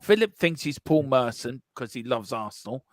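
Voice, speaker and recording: A man's voice: medium pitch, expressive, normal speed. A man co-hosting a casual live football chat stream, reading out viewer comments in a playful, repetitive way. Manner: playful, repeats himself in bursts.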